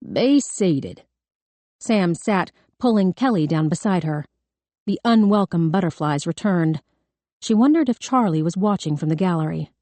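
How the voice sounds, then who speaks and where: A woman narrating an audiobook thriller in a measured, tense storytelling manner. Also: on the low side, expressive, dark tone, no echo. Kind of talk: scripted narration.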